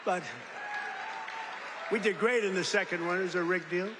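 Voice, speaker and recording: An older man speaks off the cuff at a political rally, his rather high voice rambling between boasts and mocking jabs. His voice carries a long reverb from the big venue, with a faint hum of background noise behind it. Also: steady tone, moderate pace, a crowd in the background.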